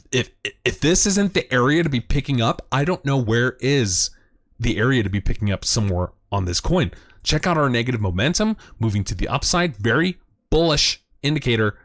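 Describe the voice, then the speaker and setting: A man hosting a crypto chart show, giving excited commentary, hyped and emphatic, repeating phrases and jumping up in pitch when thrilled. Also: no echo, studio quality. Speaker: crypto chart analyst host.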